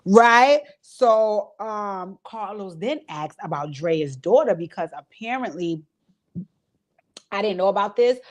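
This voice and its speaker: A woman's voice: mid-range voice, expressive, takes it slowly. A woman hosting her own channel, casually retelling an interview in an informal, storytelling way. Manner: chatty storytelling, relays what others said; informal speech with many fillers. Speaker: host recapping an interview. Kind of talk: casual recap commentary.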